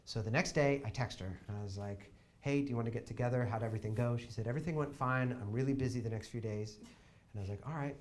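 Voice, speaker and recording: A young man telling a long comic story on a theater stage, chatty and wry, shouting quoted lines for effect. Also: mid-range voice, fast. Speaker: comedian. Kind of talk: live storytelling stand-up. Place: small theater stage with audience.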